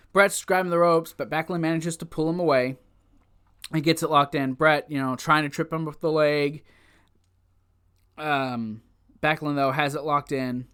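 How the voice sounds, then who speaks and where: A man giving a casual, rambling recap of an old wrestling event, easily excited and laughing often as he goes. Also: on the high side, clear, resonant tone. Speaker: wrestling show reviewer.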